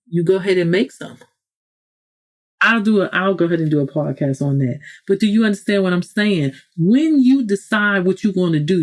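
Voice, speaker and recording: A woman's voice: fairly low pitch, darkish tone. Woman preaching with rhetorical questions. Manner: acts out quoted people in raised voices. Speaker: podcast host. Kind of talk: motivational talk.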